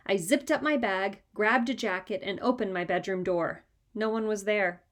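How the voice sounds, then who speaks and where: A woman reading a children's chapter book aloud in a lively, expressive way. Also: medium pitch, normal speed. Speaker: reader. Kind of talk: storybook read-aloud.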